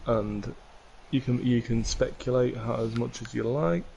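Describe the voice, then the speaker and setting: A man's voice: mid-range voice, steady tone, a little slow, gravelly, mellow. Young male podcast co-host, chatty rambling storyteller, noisy recording. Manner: rambling, restarts and self-corrections. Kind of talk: casual storytelling. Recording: noticeable background noise.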